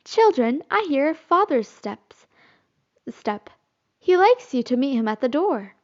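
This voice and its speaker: A woman's voice: high-pitched, very animated, takes it slowly, pitched above the performer's own voice, heavily acted. A woman voicing a bossy young girl who plays mother to a group of boys, fussy and scolding, in a storybook reading. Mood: eager. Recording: slightly muffled recording.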